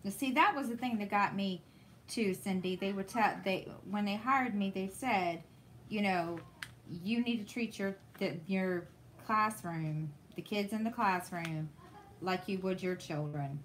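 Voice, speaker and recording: A woman hosting a craft livestream, chatting casually with viewers and telling stories in a slow, rambling way with frequent restarts. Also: medium pitch, a little hiss or hum.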